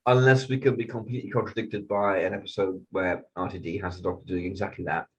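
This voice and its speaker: A man's voice: low voice, fairly even intonation, fast, husky, highs cut off. A man co-hosting a podcast, chatting casually and jokily, often trailing off mid-sentence. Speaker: podcast co-host. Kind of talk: casual chat.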